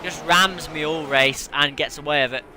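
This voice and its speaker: A man's voice: on the high side, normal speed, bright, forceful tone, soft background music. A man hosting a racing game video, ranting and swearing in frustration. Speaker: gaming channel host. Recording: game engine noise behind voice. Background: racing car engine noise.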